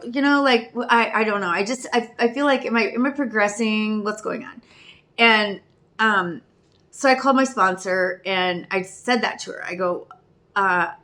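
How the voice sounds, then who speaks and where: A woman in her fifties keeps a video diary about her addiction recovery, speaking candidly and rambling as she searches for words and questions herself. Her mid-range voice is bright with a forceful tone.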